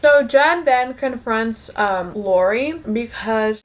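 A young woman talking casually and quickly as she recaps a musical, dropping into quick voices for the characters. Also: fairly high pitch. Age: young adult. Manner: chatty, fast, acts out the lines with quick put-on voices. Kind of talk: casual recap while eating.

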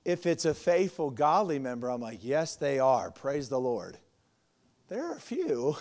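A man in his forties preaching a sermon as pastor, swinging from loud emphasis to quiet, confiding asides. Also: medium pitch, big pitch swings, takes it slowly, long pauses.

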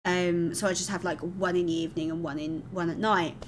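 A woman's voice: lowish voice, fairly even intonation, fairly quick, slight background noise. A woman streaming live, chatting candidly and thanking viewers affectionately, calling them darling. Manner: candid and emotional, rambling. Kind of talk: casual live-stream chat.

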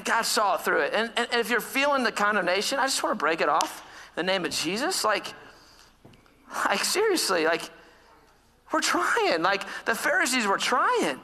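A man's voice: high voice, bright, forceful tone. A man in his thirties preaching a sermon, telling a personal story in a self-deprecating way and laughing often. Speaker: pastor. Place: church hall. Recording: long church reverb.

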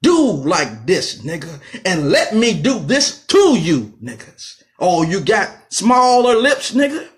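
A man voicing a cruel, menacing male slave overseer who jeers and taunts slowly. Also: high-pitched, huge pitch swings, exaggerated voice. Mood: taunting. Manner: taunting, jeering, slow and mocking.

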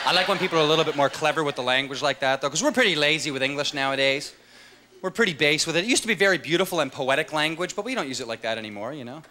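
A man's voice: on the high side, animated, rapid-fire. A man doing a stand-up comedy set on a live stage, in a loose, joking manner with rhetorical asides. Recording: live stage mic with loud crowd laughter.

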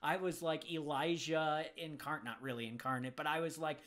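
A man's voice: fairly high pitch, steady tone, brisk, fairly bright tone, lightly acted. A man voicing an anxious, doubting male prophet in jail, in a bewildered, questioning manner.

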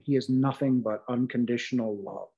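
A middle-aged man gives an earnest spoken testimony about his faith, pressing hard on key words and often restarting his sentences. His voice sits at an ordinary pitch for a man. The recording is slightly dull and lo-fi. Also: normal speed, vocal fry, mellow, husky. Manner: heartfelt, emphatic, with frequent fillers and restarts. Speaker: guest sharing a near-death experience. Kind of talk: earnest testimony in a podcast interview.

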